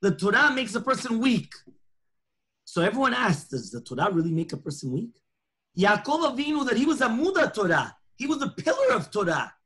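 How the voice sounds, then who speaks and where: A man's voice: high voice, fairly quick, breathy edge. A man, a rabbi, teaching a lunchtime Torah class, telling stories and acting out the dialogue. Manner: animated storytelling, acting out dialogue.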